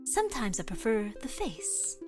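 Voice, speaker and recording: A woman voicing a theatrical flower spirit of love, reading its lines in a grand, measured, Shakespearean way. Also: medium pitch, very animated, close to an everyday voice. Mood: lofty. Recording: faint game music behind.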